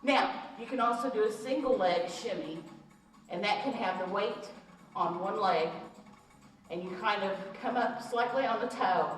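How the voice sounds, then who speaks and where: A woman's voice: mid-range voice, moderate pace. A woman fitness instructor teaching a belly-dance workout, counting out moves and cueing steps as she demonstrates, with jokey asides. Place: recreation center room. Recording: very echoey room, voice from far off.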